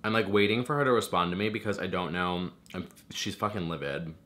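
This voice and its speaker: A man's voice: deep voice, brisk, fairly bright tone. A man talking casually to camera in a chatty reaction rant, swearing freely with lots of fillers. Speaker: vlogger.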